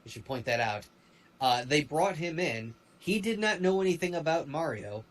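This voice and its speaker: A man's voice: a little high, moderate pace, poor audio. Rambling man chatting on a stream. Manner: rambling, animated, with frequent fillers and restarts. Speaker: stream co-host. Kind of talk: casual chat.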